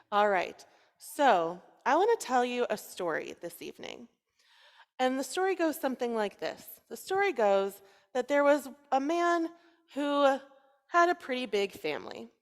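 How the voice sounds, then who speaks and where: Woman rabbi, playful storyteller, high voice, long reverb in a sanctuary. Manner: lively, playful, coaxing the children. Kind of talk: storytelling sermon to children. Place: synagogue sanctuary. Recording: long reverb in a large hall.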